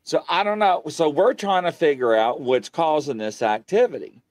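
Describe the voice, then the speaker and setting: A man's voice: normal speed, dry recording. A man telling a paranormal story in casual chat, acting out the quotes with big jumps in his voice. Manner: animated, acts out quotes with big pitch jumps. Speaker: paranormal show guest telling stories.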